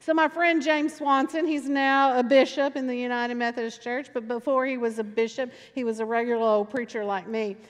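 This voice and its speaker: A woman's voice: fairly high pitch, fairly even intonation, a little fast, few pauses. Woman pastor preaching in reverberant sanctuary. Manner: conversational storytelling with emphatic repetition. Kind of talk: sermon. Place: church sanctuary. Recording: long reverb in church sanctuary.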